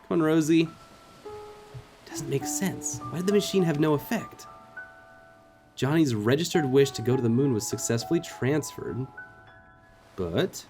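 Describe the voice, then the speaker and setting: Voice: mid-range voice, darkish tone. A let's-play host giving casual, jokey commentary and reading game dialogue aloud, laughing and swearing freely.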